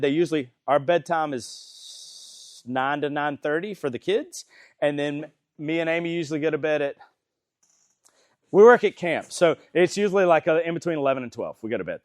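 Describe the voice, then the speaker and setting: A man's voice: on the high side, dry recording, clean studio sound. Folksy man teaching a Bible study. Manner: conversational, asks the group questions, folksy. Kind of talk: casual teaching talk.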